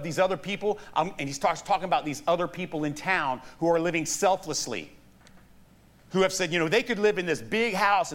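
A middle-aged man pastor preaching a sermon, telling stories with animated asides and laughs. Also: fairly high pitch.

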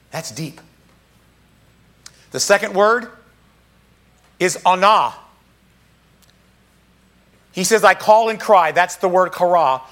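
A man preaching a sermon, reading scripture aloud and explaining it in an emphatic, casual way with quick asides. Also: sits high, fairly bright tone.

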